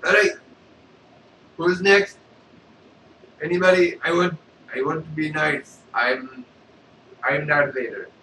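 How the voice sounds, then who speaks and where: A man's voice: fairly high pitch, slow pace, long pauses, pushed and bright, echoey room, far from the mic, slight background noise, low-quality recording. A man hosting a casual comedy monologue who rambles and keeps checking in with his listeners. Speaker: host.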